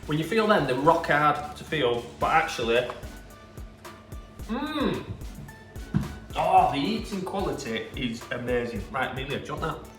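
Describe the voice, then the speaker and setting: A little fast and expressive in a mid-range voice, the Yorkshire seller gushes over his fresh produce during a casual demonstration. Faint music and echo come through the distant mic.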